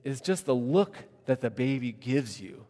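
An earnest man in his thirties preaches a relaxed, conversational sermon, with his voice sitting at a middle pitch. He thinks aloud and fills his talk with casual asides. His words ring with the long reverb of a large church hall. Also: measured pace. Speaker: pastor.

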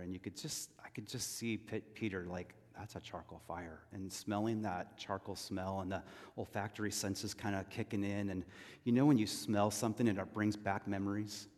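A man from California preaching a sermon as pastor, telling it conversationally with asides and questions to the congregation. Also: lowish voice. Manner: conversational storytelling with frequent asides and rhetorical questions. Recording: long reverb of a large hall.

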